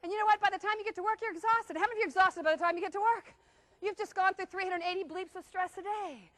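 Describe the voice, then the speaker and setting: A middle-aged woman leads a seminar on stress in front of a live audience, her voice high and bright. She talks fast, throws questions at the room and acts out everyday family scenes. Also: fairly even intonation. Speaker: stress management speaker. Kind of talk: motivational seminar talk.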